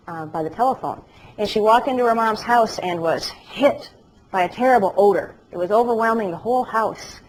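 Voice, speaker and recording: Woman educator, lower pitch, animated lecturer who likes a joke. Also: slight background noise, poor audio. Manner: animated storytelling with jokes. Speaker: dementia care educator. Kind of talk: lecture to a class, also telecast. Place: classroom or lecture hall.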